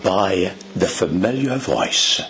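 A man's voice: low voice, expressive, slow pace, noisy background. A man with an Ulster accent preaching a sermon, addressing his listeners as dear friends and dropping into whispers for emphasis. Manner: dramatic, drops to whispers for emphasis.

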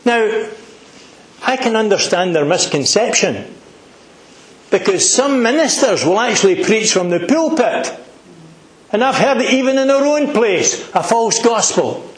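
Middle-aged Scottish preacher, high pitch, emphatic delivery, recorded in a reverberant hall. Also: male voice, lively intonation, unhurried. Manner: earnest, emphatic, asks the congregation questions. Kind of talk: sermon.

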